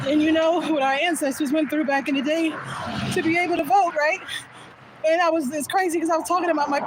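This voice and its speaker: A woman's voice: high-pitched, background noise. A woman telling a personal story in a vlog, candid and laughing often, recorded on a phone in a car. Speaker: vlogger.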